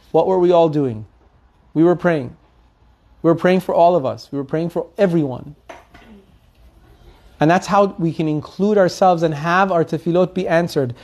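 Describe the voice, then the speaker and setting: A man giving a weekly Torah lesson, telling stories earnestly and asking his listeners rhetorical questions. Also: a little high. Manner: animated storytelling with rhetorical questions. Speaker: Torah teacher.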